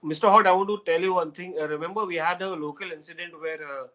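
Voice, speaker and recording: A man with an Indian accent co-hosting a casual cricket chat, excitable and laughing, slipping into Hindi. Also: high voice, fast, highs cut off. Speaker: co-host.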